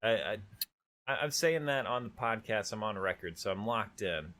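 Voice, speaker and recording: A man co-hosting a casual hobby podcast, talking in a relaxed, self-deprecating and hesitant way. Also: fairly low pitch, normal speed. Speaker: podcast co-host.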